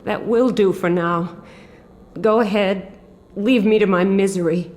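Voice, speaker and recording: An actress voicing a sharp-tongued young woman held captive in a video game, speaking in a sarcastic, teasing way. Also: medium pitch, a little slow, lightly acted.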